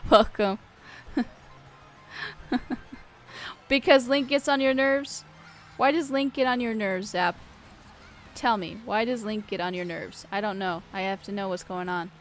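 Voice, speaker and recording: A woman's voice: medium pitch, measured pace, long pauses, faint music behind. A young woman streaming a racing game, chatting casually and playfully teasing her viewers. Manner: playful, teasing, talks straight to chat. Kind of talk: casual live-stream gaming chat.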